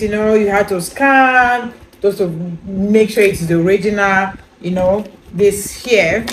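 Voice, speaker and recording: In a casual beauty review vlog, a medium-pitched woman chats loosely about a skincare product, addressing viewers directly and checking whether they understand. Her talk rambles and is packed with repeated "you know"s, over poor audio with a little background noise.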